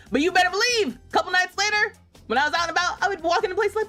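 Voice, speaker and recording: Animated American woman telling stories. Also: extremely high pitch, very fast, soft background music. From United States. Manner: animated, laughs often, acts out quoted voices. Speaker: streamer. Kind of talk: casual storytelling while gaming.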